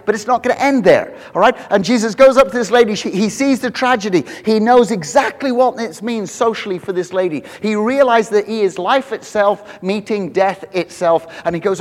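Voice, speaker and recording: Middle-aged male pastor, a bit high-pitched, chatty and self-deprecating in the pulpit; the church hall rings behind him. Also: moderate pace. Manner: conversational and joking, self-mocking. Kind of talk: sermon.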